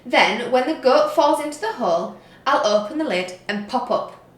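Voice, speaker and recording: A woman's voice: high-pitched, animated, moderate pace, reverberant. A woman voicing a timid, hungry male troll who stammers when frightened, in a read-aloud storybook. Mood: scheming. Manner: nervous, stammering.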